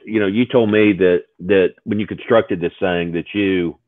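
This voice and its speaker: Low voiced host guy, halting and full of uhs, tinny phone sounding audio. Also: fairly even intonation, dry recording. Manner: halting, filler-heavy. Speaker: show host. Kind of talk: live-stream interview.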